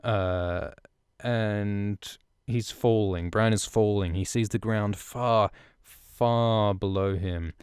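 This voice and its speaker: Irreverent low-voiced man recapping a book. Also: fairly even intonation, takes it slowly, a little mellow, smooth, no echo, clean studio sound. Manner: irreverent, swearing, enthusiastic. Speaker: podcast host. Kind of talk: casual book-chapter recap.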